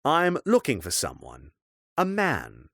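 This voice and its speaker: A man's voice: mid-range voice, wildly swooping pitch, slow pace, vocal fry, a bit bright, no room sound, studio quality, pitched above the performer's own voice, exaggerated voice. A man voicing a determined young templar who asks intent, earnest questions.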